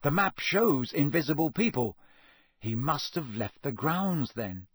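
A man's voice: a little high, sing-song, measured pace, breathy edge, dry recording, clean studio sound, full character voice. A man voicing an earnest, curious teenage boy wizard in an audiobook, direct and inquisitive. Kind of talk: audiobook character voice.

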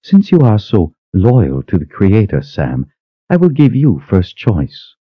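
A cruel sorceress, as a male narrator puts her on, speaks in an icy, measured, mocking way. Her voice sits low, and the recording is dry and a little dull. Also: huge pitch swings, husky, dry recording, full character voice. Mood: cold menace. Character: cold cruel woman sorceress, calm menace.

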